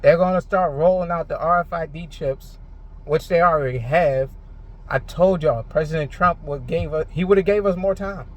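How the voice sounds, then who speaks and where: A frustrated man ranting in a rambling, heated monologue, full of filler words and swearing. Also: sits high. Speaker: vlogger. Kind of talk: unscripted monologue to camera.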